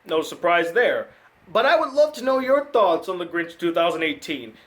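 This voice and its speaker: Male film critic, high voice, sarcastic ranting delivery, casual review host. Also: very animated, moderate pace, fairly bright tone.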